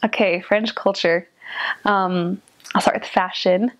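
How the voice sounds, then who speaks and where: A young woman speaks at a middle pitch with a very flat, even tone, explaining in a casual way. She pauses often on "um" and keeps her delivery steady. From United States.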